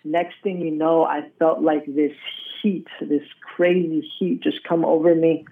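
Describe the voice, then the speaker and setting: A man from Colorado telling his own story as a guest in a casual interview, laid-back and slangy. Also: fairly high pitch. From Colorado, USA. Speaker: guest sharing a testimony. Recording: tinny phone-like sound, distant from mic.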